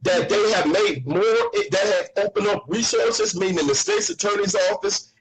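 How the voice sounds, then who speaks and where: A pastor with a high-pitched voice argues live and repeats his questions insistently. His tone is accusatory and stubborn. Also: normal speed, poor audio. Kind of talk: heated live confrontation.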